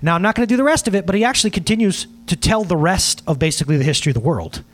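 A man preaching a sermon to his congregation, emphatic and animated, asking for slides as he goes. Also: sits high, rapid-fire. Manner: asks for slides during the talk. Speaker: pastor.

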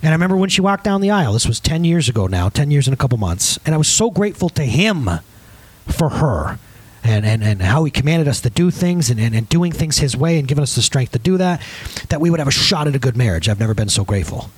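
A man's voice: fairly high pitch, sing-song, fast, darkish tone, husky, no room sound, poor audio. A man in his thirties preaching a conversational sermon, laughing at his own asides.

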